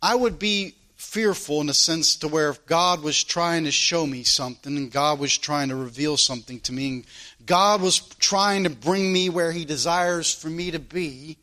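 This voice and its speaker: A man preaching a sermon in a high, bright voice. He speaks earnestly, telling a personal story and putting rhetorical questions to the congregation.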